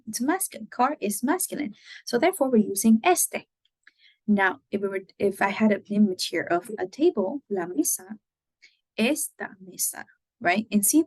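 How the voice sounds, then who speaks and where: A woman's voice: medium pitch, a little mellow, slightly rough, no room sound. A woman teacher giving a recorded lecture, explaining patiently, switching between English and Spanish examples and often checking in with "right?".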